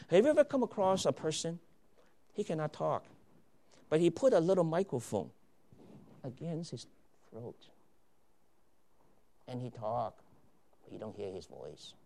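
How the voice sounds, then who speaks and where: A man preaching a sermon with emphatic, dramatic delivery that swings between loud declarations and quiet asides. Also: a little high, sing-song, measured pace, gravelly, long pauses. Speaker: pastor.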